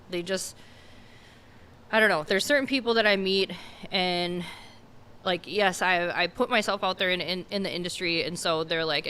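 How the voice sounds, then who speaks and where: A woman's voice: on the low side, bright, forceful tone, a little hiss or hum. A woman guest on a podcast, talking in a casual rambling way, full of fillers and restarts. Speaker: podcast guest, car detailer.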